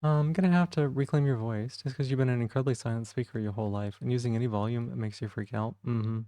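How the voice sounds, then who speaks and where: Man, streamer, soft-spoken, warm mellow tone, dry close sound, rambling casual chat. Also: medium pitch, steady tone, quick pace, dry recording.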